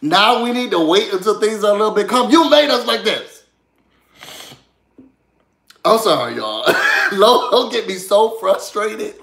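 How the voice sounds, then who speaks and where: A high-voiced man gives an animated, gossipy reality-show recap in casual chat. He speaks straight to his viewers and asks them to dig for news. The room echoes noticeably around him. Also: measured pace, creaky, long pauses.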